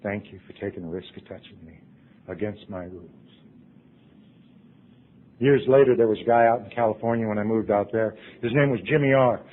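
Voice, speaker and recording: Husky-voiced man on a tinny tape. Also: lowish voice, a little fast, pauses often. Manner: earnest storytelling, swings from loud to hushed. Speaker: recovery meeting speaker. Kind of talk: personal testimony talk to a convention audience.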